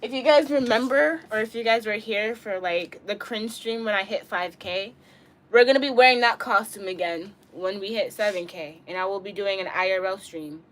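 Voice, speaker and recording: A young woman live-streaming from her bedroom, chatting casually with viewers and reading their comments, bubbly and giggly, swinging between loud outbursts and low mumbles. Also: moderate pace, a little hiss or hum.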